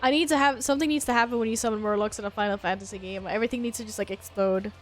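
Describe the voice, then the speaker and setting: High-voiced woman streamer chatting casually. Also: steady tone, very fast, soft background music. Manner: chatty, swearing, reads chat aloud, laughs often. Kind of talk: casual live-stream chat.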